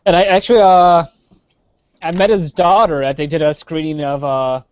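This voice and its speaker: A man with a slightly high voice chats loosely on a live stream, rambling and trailing off through strings of fillers. The sound is dry and dull, like a lo-fi stream mic. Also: flat delivery, normal speed, darkish tone, smooth, no echo. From Chicago area. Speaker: podcast co-host. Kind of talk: casual chat.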